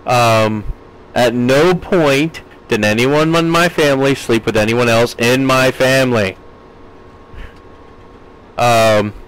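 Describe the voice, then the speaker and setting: A man's voice: mid-range voice, rough recording. A man casually chatting with his live-stream audience while playing a farming game, reading out and answering chat comments with frequent laughs. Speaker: gaming streamer.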